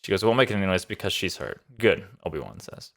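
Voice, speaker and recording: This show reviewer has a low, creaky, slightly bright voice and talks at a quick pace, very animated. He breezily rundowns a TV episode with plenty of enthusiasm, rambling along and leaning heavily on fillers.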